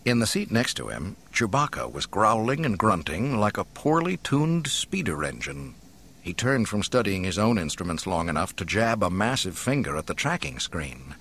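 A man narrating an audiobook in a dramatic, expressive storytelling manner. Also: lowish voice, normal speed. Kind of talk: scripted narration.

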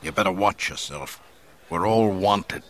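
A man's voice: low-pitched, unhurried, fairly bright tone. A man reading an audiobook and voicing a short, grubby male outlaw who sneers and threatens. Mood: menacing.

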